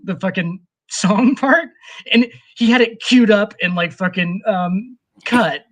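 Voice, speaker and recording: A man's voice: high-pitched, normal speed. A man co-hosting a sports podcast, telling stories in a rambling, profane, casual way. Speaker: podcast co-host.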